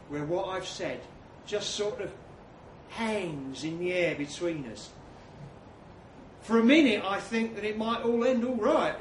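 Man, crude comic storytelling, high voice, roomy far-off sound. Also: background noise. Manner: crude, mock-tough bloke's voice for quotes, audience laughing. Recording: echoey room from far off.

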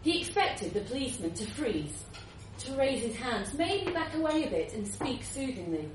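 A woman reads a story aloud with a lively voice that swings up and down. She sounds somewhat high, heard from a distance in a roomy live space. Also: moderate pace, slight background noise. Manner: lively, expressive narration. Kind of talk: live reading of a short story.

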